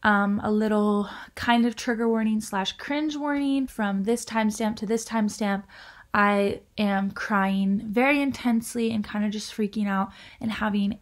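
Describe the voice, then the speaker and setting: A woman's voice: medium pitch, fairly even intonation, moderate pace, poor audio. A young woman talking casually in a vlog, full of fillers like "like" and "literally", often crying as she talks. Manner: chatty, lots of fillers like "like" and "literally". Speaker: vlogger.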